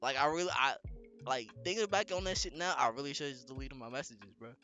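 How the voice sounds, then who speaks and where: A young man casually telling a story on a podcast, slangy and animated, with lots of fillers. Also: mid-range voice, fast, soft background music. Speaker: podcast co-host.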